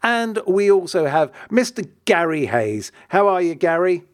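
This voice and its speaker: A man's voice: high-pitched, sing-song, measured pace. A man hosting a podcast, introducing guests and teasing them with jokes. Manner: jokey, teasing, laughs often. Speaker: podcast host. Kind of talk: casual chat.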